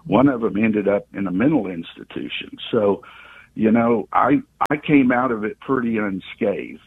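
A man in his sixties calling in to a radio show, telling a long story in an earnest, halting way. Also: lowish voice, lively intonation, gravelly, breathy edge, dry recording. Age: 60s. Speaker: caller. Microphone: telephone. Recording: tinny phone line.

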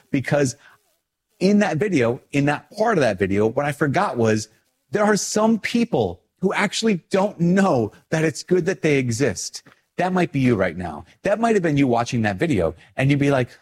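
Animated, self-mocking priest talking to camera. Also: male voice, a little high, normal speed, breathy edge. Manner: animated, self-deprecating, acting out his own reactions. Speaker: priest, video host. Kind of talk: casual talk to camera.

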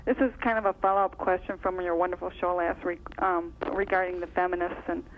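A woman's voice: fairly low pitch, little pitch movement, brisk, a little hiss or hum. A woman from Minnesota calling a religious talk show, gushing and rambling earnestly. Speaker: caller. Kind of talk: phone call to a talk show. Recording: dull phone line.

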